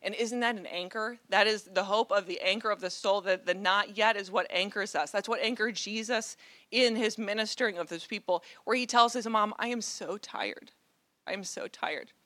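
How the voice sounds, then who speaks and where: A woman's voice: mid-range voice, steady tone, a little fast, sharp tone, dry recording. A mother giving an earnest, conversational sermon with dry humor. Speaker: guest speaker.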